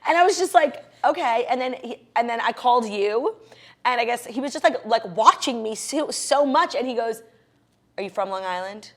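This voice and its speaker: A woman co-hosting a podcast, telling stories in casual, animated chat with bursts of laughter. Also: a little high, normal speed. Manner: chatty, animated storytelling with bursts of loud laughter. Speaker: podcast co-host.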